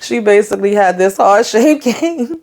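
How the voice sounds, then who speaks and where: A woman's voice: mid-range voice, lively intonation, moderate pace, a little mellow. Chatty woman recapping a TV episode. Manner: chatty, laughs often, colloquial. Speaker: TV show reviewer.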